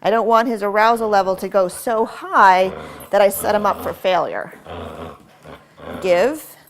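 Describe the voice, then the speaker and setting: A woman's voice: mid-range voice, animated, normal speed. Woman dog trainer, patient instructive delivery, faint background noise. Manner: patient, instructive, mixing explanation with short commands to a dog. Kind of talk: hands-on training demonstration.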